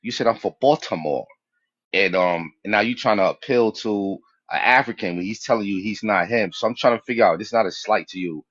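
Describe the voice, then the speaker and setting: A man's voice: on the low side, a little fast, fairly bright tone, muffled recording. A man from New York with a New York accent, speaking on a panel in blunt, slangy talk and asking pointed questions. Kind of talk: debate on a panel.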